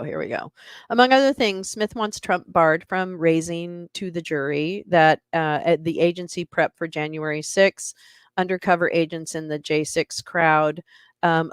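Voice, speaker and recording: A woman hosts a casual livestream from home, greeting viewers and laughing often. Her voice swings widely in pitch while she talks at an unhurried pace. The sound is close and dry. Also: smooth, no echo. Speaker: livestream host.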